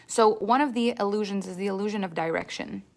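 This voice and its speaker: A woman's voice: mid-range voice, quick pace. A woman giving a motivational talk on money, telling stories, acting out what people said and often repeating words. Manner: storytelling with acted-out quotes, repeats words. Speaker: money coach.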